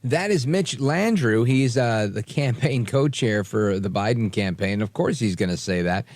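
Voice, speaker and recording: A man's voice: mid-range voice, normal speed, no echo. A man hosting a talk radio show, talking sarcastically and mocking the people he quotes. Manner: sarcastic, animated, mocks quoted voices.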